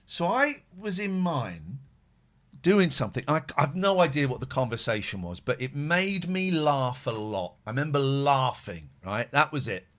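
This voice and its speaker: This man hosts a podcast, speaking at a moderate pace in a medium pitch as he casually and animatedly recounts angry anecdotes full of profanity.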